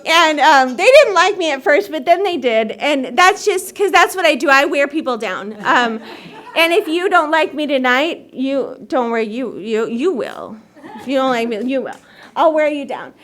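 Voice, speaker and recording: A woman's voice: high voice, animated, normal speed, a bit bright. A woman sharing her personal recovery story at a meeting, in a chatty, self-mocking way and laughing often. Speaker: AA meeting speaker. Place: meeting hall.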